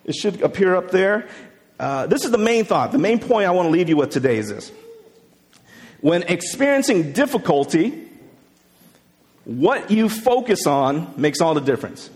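A man with a notably high voice preaches to his congregation in an easy, conversational way and asks them questions as he goes. His words ring through a large church with a long, lingering reverb. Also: big pitch swings, normal speed, pauses often, darkish tone. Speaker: pastor. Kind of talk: sermon. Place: church sanctuary.

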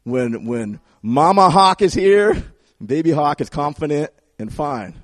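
A man preaching a sermon in an animated way, repeating phrases for emphasis and acting out the voices he quotes. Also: a little high, measured pace, dry recording, clean studio sound. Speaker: pastor.

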